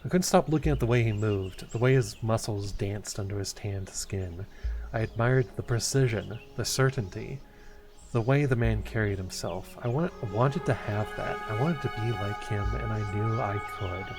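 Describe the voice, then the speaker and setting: Male streamer, reads the game's narration aloud, lowish voice, soft music under him. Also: normal speed. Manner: reads story text expressively, with stumbles and asides. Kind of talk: reading a narrative game aloud.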